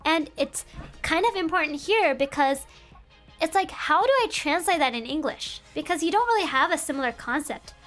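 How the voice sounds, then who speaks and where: A woman's voice: high-pitched, animated, normal speed, a bit bright, soft background music. A woman streamer explaining Japanese translation in a casual, playful, chatty way, full of fillers and tangents. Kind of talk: casual streamed language lesson.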